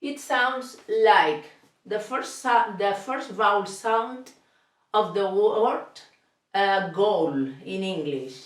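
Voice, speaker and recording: Slow, patient woman teacher. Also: medium pitch, distant mic. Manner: slow and deliberate, repeats each sound with frequent "okay?" checks. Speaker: Spanish teacher. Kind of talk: slow step-by-step language lesson. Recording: echoey room, voice off the mic.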